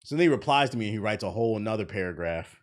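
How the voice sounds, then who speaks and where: A man hosting a livestream, chatting casually and retelling arguments by quoting people in lively bursts. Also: fairly low pitch, racing. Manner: animated storytelling, quoting others. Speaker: livestream host. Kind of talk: casual stream chat.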